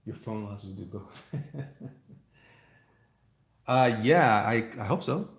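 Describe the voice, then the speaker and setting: A man's voice: lowish voice, expressive, fast, slight background noise. A man hosting a live stream, chatting casually with viewers while he draws, rambling and poking fun at himself. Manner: rambling, self-mocking, chuckles often; talks to the chat.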